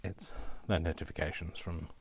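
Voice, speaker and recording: Deep-voiced man chatting to himself. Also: steady tone, moderate pace, husky. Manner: talks to himself by name, giggly and rambling. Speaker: crafting vlogger. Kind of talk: casual talk while crafting.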